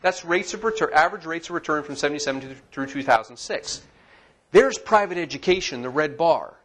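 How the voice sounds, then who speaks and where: Male lecturer, forties, slightly raised pitch, lively and chatty with the audience. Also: a little fast. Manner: lively, talks to the audience with asides and questions. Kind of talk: classroom lecture. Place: lecture hall.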